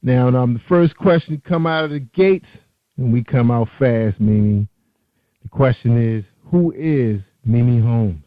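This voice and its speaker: A man's voice: mid-range voice, a little slow. A male radio host talks in a loose, chatty way and catches his own slips as he goes. His voice comes through thin and tinny, like a phone line. There is no room echo at all. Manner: loose, chatty delivery with self-corrections. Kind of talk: online radio interview.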